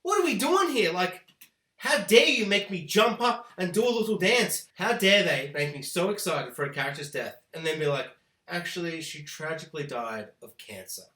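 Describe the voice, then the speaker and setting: A man hosting a spoiler review of a TV show, ranting with animated, profane exaggeration. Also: high voice, moderate pace. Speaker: TV review host. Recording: echoey room.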